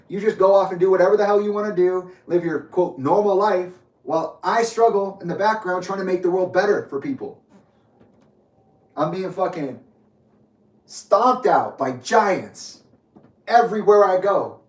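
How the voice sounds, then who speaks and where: A man's voice: high voice, far from the mic. Bitter, sarcastic man ranting in an echoey room. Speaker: vlogger telling his story. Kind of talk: angry personal monologue.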